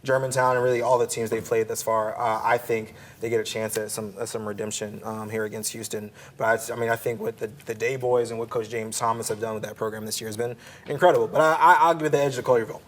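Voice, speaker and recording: A man co-hosting a studio sports show, upbeat and teasing as he previews high school football games. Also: little pitch movement, quick pace, few pauses.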